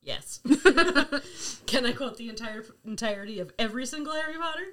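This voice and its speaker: High, giggly woman podcast co-host. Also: lively intonation, a bit bright. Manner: giggly, teasing, quick to jump in. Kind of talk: casual chat.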